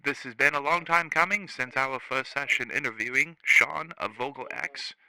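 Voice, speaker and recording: A man's voice: medium pitch, normal speed, bright, forceful tone, clean tone, no echo, low-quality recording. A man hosting a podcast interview, talking in a mock early-1900s radio talk show host manner. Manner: mock old-time radio host delivery.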